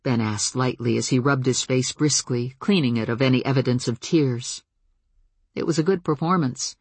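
A woman narrating a novel in the first person, with even, measured delivery. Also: very deep voice, slightly rough, no room sound. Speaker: audiobook narrator.

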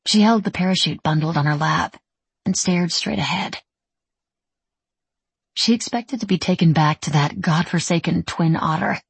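A woman narrates a novel in a steady, even reading voice. Her tone sits low and is strongly breathy and husky. The recording is dry, with no trace of room echo. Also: moderate pace, long pauses. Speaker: audiobook narrator. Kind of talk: scripted narration.

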